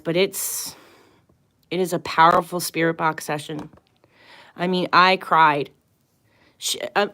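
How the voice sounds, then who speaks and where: A woman's voice: mid-range voice, fairly bright tone. A woman hosting a tarot and astrology livestream, talking casually in an earnest, emphatic way, rambling and restarting her sentences often.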